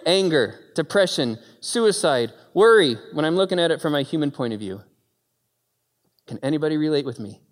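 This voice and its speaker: A man preaching a sermon, moving between quiet storytelling and loud, high-pitched exclaiming. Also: expressive, normal speed, long pauses, big-room sound. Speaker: pastor.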